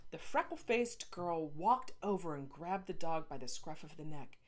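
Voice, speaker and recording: Low-voiced woman reading a children's book. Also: slow, few pauses, a little hiss or hum. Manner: lively, playful asides. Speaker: author reading her book. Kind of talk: expressive storybook narration.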